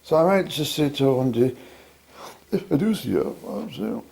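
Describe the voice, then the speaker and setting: A man with a Scottish accent rambles at home in a solo fireside-style monologue. His voice is gravelly and mellow, and he pauses often, musing wryly and halting over his words. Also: mid-range voice, animated. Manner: wry, musing, halting with many fillers. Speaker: vlogger.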